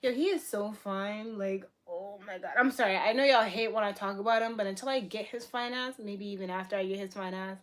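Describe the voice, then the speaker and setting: A young woman from Boston chatting casually on a livestream, answering her chat in a blunt, profane way that swings between loud bursts and soft asides. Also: medium pitch, brisk, few pauses. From Boston, USA. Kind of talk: casual live-stream chat.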